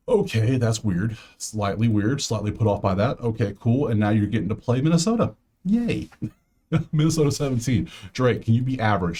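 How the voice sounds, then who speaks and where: Casual betting host, man, low voice, rambles through picks with fillers, talks to himself. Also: darkish tone. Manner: thinks aloud, many fillers and restarts. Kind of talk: casual solo commentary.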